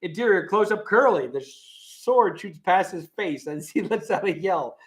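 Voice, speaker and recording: A man hosting a casual live stream reads a script aloud, stage directions and all. His voice rises and falls in a lively, animated way, and he keeps breaking into chuckles as he goes. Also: high voice, measured pace.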